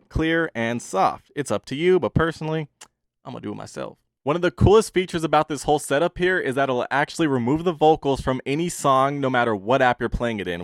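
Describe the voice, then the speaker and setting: A man's voice: mid-range voice, no room sound. A man walking through a product demo in an upbeat, playfully boastful way, recorded in a studio. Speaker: tech reviewer. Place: home studio.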